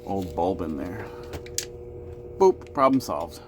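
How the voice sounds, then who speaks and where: Animated man chatting on a game stream. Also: sits low, takes it slowly, background noise. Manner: chatty, talks fondly to his cats between greeting viewers. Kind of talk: casual live-stream chat.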